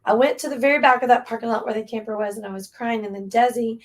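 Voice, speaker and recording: Fast and fairly high-pitched, a woman with an East Tennessee accent shares an emotional story about a hard moment at the relief shelter she runs. Her recollection is earnest and tearful, full of Southern expressions.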